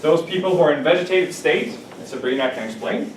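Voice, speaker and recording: A man teaches English vocabulary, explaining terms and repeating key words to check the class follows. His voice sits a little high. It is recorded from the back of an echoey classroom with a faint hiss. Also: fast talker, recorded from a distance. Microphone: camera at a distance.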